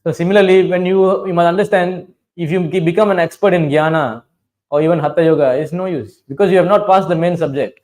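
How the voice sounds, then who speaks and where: A man's voice: high-pitched, steady tone, quick pace, a little mellow, low-quality recording. Man giving a devotional lecture. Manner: asks the audience questions, tells scripture stories, chants verses. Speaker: preacher.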